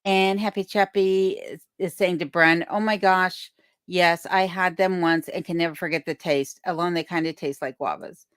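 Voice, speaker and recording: A livestream host in a remote Alaskan home reads viewer comments and thanks people in a chatty, casual way. Her lowish voice is clear and resonant with fairly even intonation and a moderate pace, captured at studio quality with no echo by a desk mic on a boom arm.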